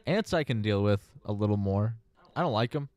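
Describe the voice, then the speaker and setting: A young man co-hosting a casual podcast chat, laid-back and slangy, with halting starts. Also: lowish voice, expressive, a little mellow. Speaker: podcast co-host.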